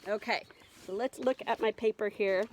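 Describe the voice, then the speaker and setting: A woman's voice: medium pitch, fairly even intonation, moderate pace, slight background noise. A woman teaching a remote reading lesson to first graders, patient and encouraging as she sounds out words.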